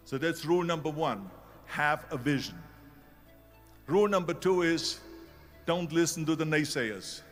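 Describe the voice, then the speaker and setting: A man's voice: fairly high pitch, lively intonation, a little slow, pauses often, soft background music. A man with a German accent giving a motivational speech, emphatic and repeating key phrases for effect. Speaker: public speaker.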